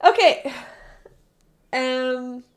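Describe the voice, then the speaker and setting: A woman's voice: high-pitched, extremely slow. A young woman streamer chatting casually with her live chat, rambling, correcting herself and laughing often.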